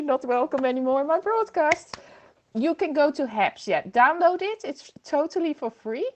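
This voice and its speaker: Chatty high-voiced woman streamer. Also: expressive, moderate pace, noisy background. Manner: chatty, reads viewer comments aloud, laughs often. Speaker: livestream host. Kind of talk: casual livestream chat. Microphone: computer microphone.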